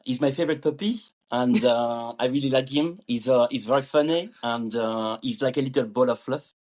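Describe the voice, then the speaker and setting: A man's voice: mid-range voice, darkish tone, natural voice. A man putting on a hammy French accent. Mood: playful. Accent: French, put on. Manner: halting, full of ums and uhs.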